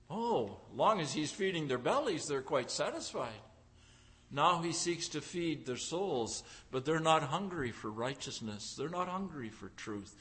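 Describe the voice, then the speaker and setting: A preacher delivering a sermon in a high, bright voice. He builds emphasis by stacking repeated phrases and swings into acted-out crowd voices. His delivery is emphatic and forceful. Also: lively intonation, unhurried. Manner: acts out crowd voices in quotes.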